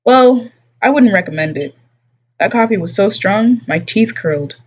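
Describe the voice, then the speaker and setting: A woman reading the part of a weary older grandfather who grumbles in a measured way. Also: medium pitch, expressive, slightly rough. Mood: wry. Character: weary older male grandfather, gruff but patient. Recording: dull lo-fi stream audio.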